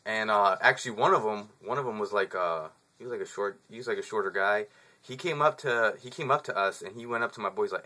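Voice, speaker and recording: Male, 20s, vlogger storyteller; bright, tense tone, casual profane slang. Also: fairly low pitch, fast. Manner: profane, laid-back slang, chuckles through the telling.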